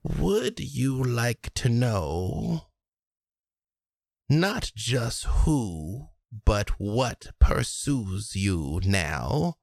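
A man voicing an ancient, possessive female hag who speaks slowly and sweepingly. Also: mid-range voice, very animated, gravelly, a little mellow, no room sound, studio quality, exaggerated voice. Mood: coaxing. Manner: drawn-out, sweeping delivery.

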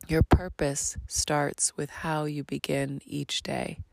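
A woman hosting her own podcast, talking in a slow, earnest, reflective monologue that drifts into soft half-whispers. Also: low-pitched, fairly even intonation, gravelly, no echo, studio quality. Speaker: podcast host.

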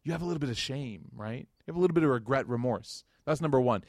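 A man delivering a religious lecture, telling a story with lively acted-out quotes and asking his listeners questions. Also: medium pitch, quick pace, no echo, clean studio sound. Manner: animated storyteller, acts out quoted speakers, addresses audience directly.

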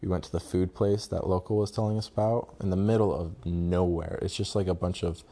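A man's voice: deep voice, steady tone, a little fast, warm tone. A young man casually telling a rambling travel story, swearing and laughing as he goes. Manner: rambling, profane, laughs often. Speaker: vlogger.

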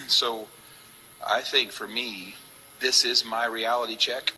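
A man's voice: mid-range voice, flat delivery, slow pace, sharp tone, slight background noise, poor audio. A man talking earnestly in an interview clip, rambling a little as he searches for his words. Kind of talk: reflective interview talk.

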